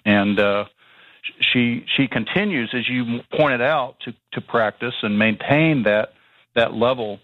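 A man's voice: mid-range voice, unhurried, no room sound. Guy guest on a radio show, coming through a tinny phone line, dry and close. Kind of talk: radio call-in conversation.

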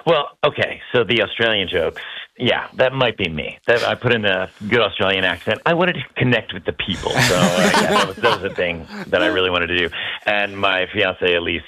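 A man's voice: sits low, expressive, a little fast, sharp tone, poor audio. An American man chatting as a guest on a radio show, loose and self-deprecating, with many fillers. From United States. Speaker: guest actor. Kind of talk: casual radio interview.

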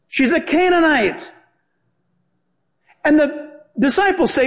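A male pastor and Bible teacher preaching a sermon in an animated, joking way, acting out the voices he quotes. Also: very high-pitched, moderate pace.

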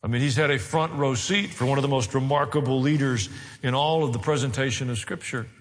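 A man's voice: medium pitch, brisk. Male pastor, sermon delivery, wry asides, emphatic build, long hall reverb. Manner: builds to raised, emphatic preaching.

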